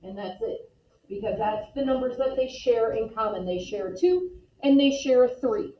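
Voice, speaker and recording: A woman's voice: a little high, expressive, unhurried, far from the mic, slight background noise. A woman math teacher in a classroom, patiently explaining steps and calling on students. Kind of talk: classroom lesson. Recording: echoey classroom recorded from afar, dull lo-fi.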